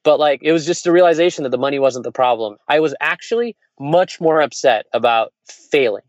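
Fast-talking candid man, lo-fi sound. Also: on the high side, no echo. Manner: rambling, candid, laughs while telling. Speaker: entrepreneur sharing stories. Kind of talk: casual conversation. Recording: dull, lo-fi sound.

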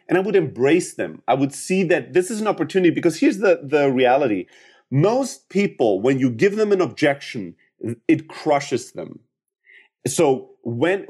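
A man's voice: a little high, darkish tone, slightly rough. A man in his thirties from Greece with a Greek accent, giving an emphatic motivational talk on sales that often restarts sentences. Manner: emphatic, restarts often, acts out quoted dialogue. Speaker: sales coach and startup founder.

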